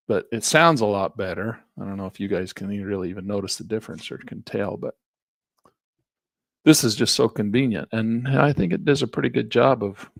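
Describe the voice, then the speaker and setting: A man with a gravelly voice teaches a live trading session over a headset mic. He chats casually and thinks aloud as he moves through charts. The sound is dry and close, with no room echo. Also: lowish voice. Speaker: trading instructor. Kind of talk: live screen-share trading lesson. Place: small office near a parking lot.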